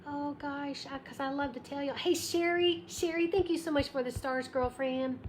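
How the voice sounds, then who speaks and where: High-voiced chatty woman. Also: steady tone, moderate pace. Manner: chatty and bubbly, greets viewers by name and counts aloud. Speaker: craft livestream host. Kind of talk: live craft tutorial, chatting with viewers. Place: her craft shop. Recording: echoey room with background noise.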